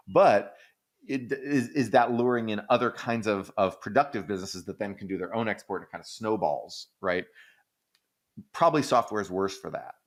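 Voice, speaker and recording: A man hosting an economics podcast, explaining in casual chat, thinking aloud with frequent restarts and fillers. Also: lowish voice. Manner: animated, breaks into silly quoted voices.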